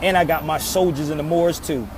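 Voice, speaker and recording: A man's voice: a little high, fairly quick. A man from Philadelphia giving an impassioned outdoor monologue, emphatic and preachy, repeating his pleas over and over. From Philadelphia, USA. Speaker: social media commentator. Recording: outdoor traffic noise.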